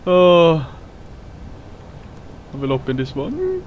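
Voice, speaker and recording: Young male horror-gamer type, easily startled and cursing, pitch swinging wildly, slow talker; noisy take. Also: huge pitch swings, muffled recording. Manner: jumpy, swearing, yelping and nervous laughter. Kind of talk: horror game playthrough commentary.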